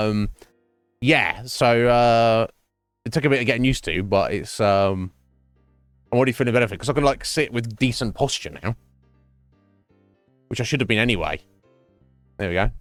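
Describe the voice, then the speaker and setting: A man's voice: on the low side, a bit bright, dry recording. A man chatting casually on a gaming stream at home, rambling and swearing freely. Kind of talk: casual chat while gaming.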